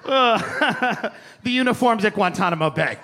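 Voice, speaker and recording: A man's voice: high voice, lively intonation, measured pace, creaky. A man doing a stand-up comedy set on a theater stage, ranting brashly and with plenty of profanity. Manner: brash, profane, aggressive rants. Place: theater stage before a live audience. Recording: stand-up recording with crowd noise.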